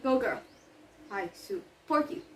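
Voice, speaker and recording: A woman's voice: on the high side, lively intonation, slow pace, fairly bright tone, slight background noise. A woman playing a flustered, stammering nanny. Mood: fussy. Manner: flustered, stammering, self-correcting. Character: fussy, flustered nanny, middle-aged woman. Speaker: Juliet's nurse in a class play. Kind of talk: amateur school play acting. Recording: echoey room, far from the mic.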